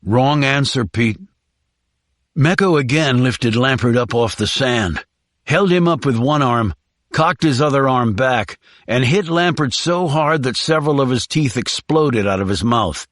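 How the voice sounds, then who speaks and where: This is scripted narration from a man reading an audiobook with a calm, measured delivery. His pitch is medium, and the sound is dry and clean, as in a studio.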